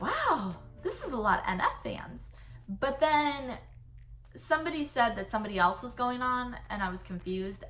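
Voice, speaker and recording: A young woman vlogger, casually retelling a story with lots of "like" fillers. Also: medium pitch. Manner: chatty, animated retelling full of "like" fillers.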